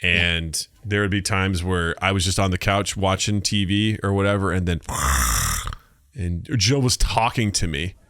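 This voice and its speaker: A man co-hosting a casual podcast chat, telling stories in an animated way, jumping into high-pitched voices to act out quotes and laughing often. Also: moderate pace, clean tone, no echo, clean studio sound. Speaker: podcast co-host.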